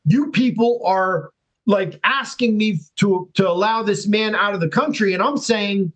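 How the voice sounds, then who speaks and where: Podcast guest: high-pitched man, animated storyteller who acts out the people he quotes. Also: moderate pace, rough recording. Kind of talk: casual storytelling.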